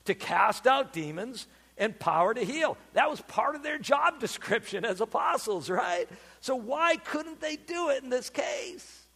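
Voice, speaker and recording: Animated high-pitched pastor preaching. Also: male voice, husky, big-room sound. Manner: animated, emphatic preaching with dramatic pauses. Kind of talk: sermon.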